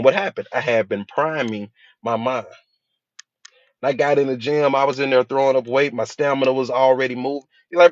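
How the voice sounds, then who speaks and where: A man's voice: medium pitch, normal speed, dry recording, highs cut off. A man, a hypnotherapist, giving a casual motivational talk and telling his own stories with quoted voices.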